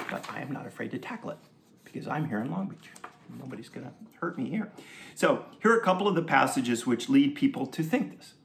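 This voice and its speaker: A man preaching a sermon in a conversational, joking way, with asides and quick laughs. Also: mid-range voice, vocal fry. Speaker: pastor. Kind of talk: sermon teaching.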